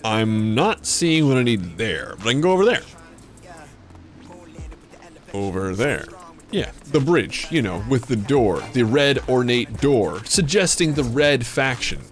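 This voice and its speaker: Male streamer, unhurried and animated, casual gameplay chat, faint music underneath. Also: medium pitch. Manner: chatty, animated, talks to viewers. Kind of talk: casual game commentary.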